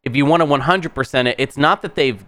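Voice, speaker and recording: Southern dude cohosting, rambly and jokey, smooth clear voice. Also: male voice, mid-range voice, fast talker, fairly bright tone, dry recording. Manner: rambling, jokey, lots of fillers. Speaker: podcast co-host. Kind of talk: casual chat.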